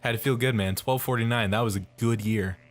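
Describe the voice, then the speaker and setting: A man's voice: mid-range voice, fairly even intonation, brisk. A man giving casual, jokey gameplay commentary in a rambling way, over faint music. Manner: rambling, jokey, many fillers. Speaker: let's play host.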